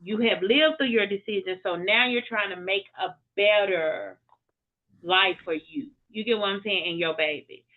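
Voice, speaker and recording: A woman's voice: mid-range voice, moderate pace, narrow, tinny audio. A woman, a podcast guest, talking in a direct, encouraging, casual way. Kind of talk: casual conversation.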